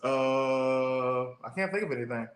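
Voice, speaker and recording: A man's voice: mid-range voice, a little slow. A man co-hosting a live-streamed relationship podcast, teasing his co-host with short, dry one-liners. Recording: echoey room.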